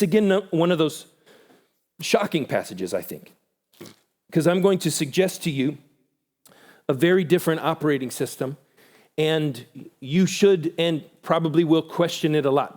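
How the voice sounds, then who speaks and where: A man giving a church conference talk, animated, acting out quoted voices with big pitch jumps. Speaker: conference speaker.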